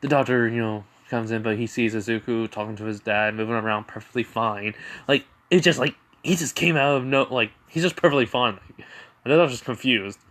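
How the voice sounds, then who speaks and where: A man's voice: medium pitch, a little fast, fairly bright tone. Rambling man telling a fan story. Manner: rambling, full of "you know" and restarts. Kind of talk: improvised fan-fiction narration.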